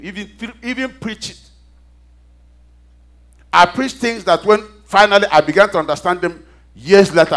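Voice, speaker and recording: High-voiced preacher, animated call-and-response. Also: male voice. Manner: call-and-response questions to the congregation; emphatic, animated. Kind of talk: sermon.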